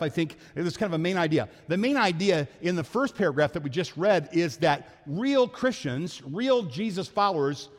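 A man preaching a sermon as pastor, talking fast and telling jokes in a church sanctuary. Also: on the high side. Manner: fast-talking, joking storyteller. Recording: long hall reverb.

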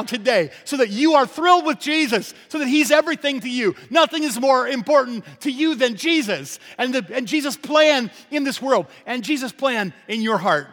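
A male pastor with a high, slightly bright voice delivers an emphatic sermon, throwing rhetorical questions at the congregation. The long reverb of a large hall surrounds his words.

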